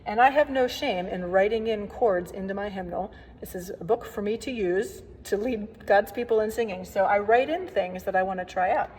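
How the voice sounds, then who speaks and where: A woman organist leads a relaxed workshop lesson on hymn playing, friendly and chatty with playful asides. Her mid-pitched voice rings out in a long, lingering reverb. A faint hiss sits under the recording. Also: moderate pace, few pauses.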